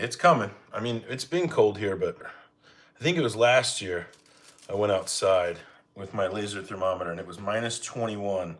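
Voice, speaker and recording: A man hosting a live home cooking stream, chatting casually with viewers and greeting them by name as he cooks. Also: fairly low pitch. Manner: relaxed, rambling, greets chat by name. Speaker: cooking livestream host. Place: home kitchen.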